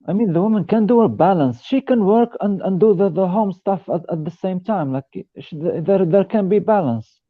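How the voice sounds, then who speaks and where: A man's voice: sits high, expressive, moderate pace, no room sound. A man taking part in a casual discussion as a guest, often repeating and restarting words and laughing between points. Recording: tinny phone-like line.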